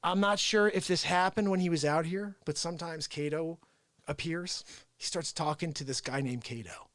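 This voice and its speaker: A man hosting a live show, telling an animated story and acting out quotes, dropping into whispers and then shouting. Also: fairly high pitch, normal speed, no echo. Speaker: host of a daily live variety show. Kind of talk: unscripted live-stream monologue. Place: small room with speaker and organ.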